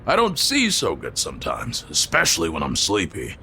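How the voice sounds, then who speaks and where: A man's voice: huge pitch swings, normal speed, sharp tone, slight background noise, full character voice. An actor playing a sleepy, hungry, bumbling male police officer in an audio drama. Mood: apologetic. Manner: bumbling, swings between high and low pitch.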